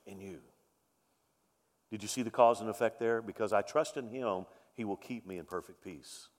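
A man's voice: lowish voice, normal speed. A man preaching a sermon as pastor, emphatic, repeating key lines and asking rhetorical questions. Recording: long reverb of a large hall.

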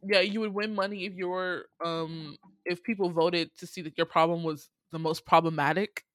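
A woman's voice: on the low side, fairly even intonation, normal speed, a bit bright, dry recording. A woman co-hosting a podcast, telling stories in loose, profane casual chat full of slang.

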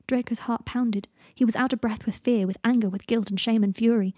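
Woman reading fanfic aloud, breathy voice, dry close sound. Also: on the high side, steady tone, a little fast, warm tone, no room sound. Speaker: narrator. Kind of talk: fan fiction audiobook narration.

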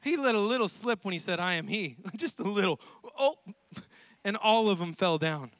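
A male pastor preaching a sermon at a church service, telling the story in an animated way and laughing often between lines. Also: high voice, brisk, dry recording.

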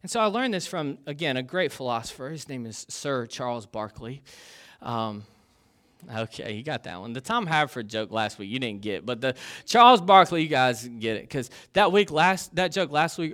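A man's voice: mid-range voice, animated, moderate pace, fairly bright tone. A young man giving a casual sermon as a pastor, joking and poking fun at himself, with plenty of ums and uhs. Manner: joking and self-deprecating, with many fillers.

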